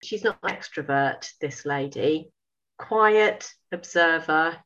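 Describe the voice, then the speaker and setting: A woman in her fifties, a sewing school owner, telling a story in a lively way, acting out dialogue and laughing. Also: low-pitched, slow, dull audio. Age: 50s. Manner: animated, laughing, acts out dialogue. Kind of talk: casual storytelling.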